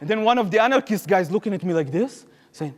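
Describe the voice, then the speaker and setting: A young man with an Israeli accent, speaking in a fairly high voice, tells a personal story to a lecture audience. He acts out the people he quotes and sometimes climbs to a shout. His voice carries a long reverb from the hall. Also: animated, quick pace. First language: Hebrew. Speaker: speaker at a public talk.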